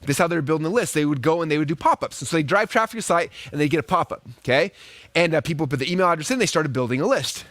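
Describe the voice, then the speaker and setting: Guy teaching marketing super fast, high voice, dry close sound. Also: no room sound. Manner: acts out quoted voices in a high excited pitch. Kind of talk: energetic teaching talk.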